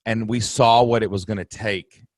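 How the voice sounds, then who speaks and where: Low-voiced rambling male podcast host. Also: steady tone, normal speed, no echo, studio quality. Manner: rambling storyteller, many restarts and "man". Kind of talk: casual chat.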